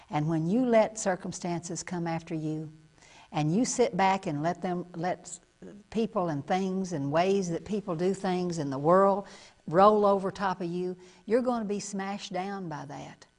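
A woman's voice: lowish voice, measured pace, darkish tone. A middle-aged woman hosting a television program, preaching a sermon in a folksy, emphatic way and repeating phrases for stress.

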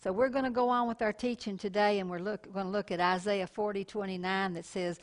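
A middle-aged woman preaching on television in a folksy, homey way. She calls her listeners honey and slows down to lean into scripture. Her pitch sits in an ordinary middle range. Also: fairly even intonation. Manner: folksy and warm, calls listeners honey, tells personal stories. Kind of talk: sermon.

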